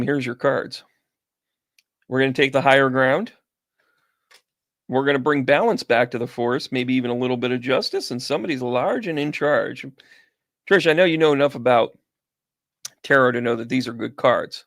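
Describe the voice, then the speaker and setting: A man's voice: mid-range voice, moderate pace, creaky, pauses often, dry recording. A man hosting a casual livestream, chatting with viewers by name and telling rambling stories while reading tarot on a close, sensitive microphone. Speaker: psychic medium host.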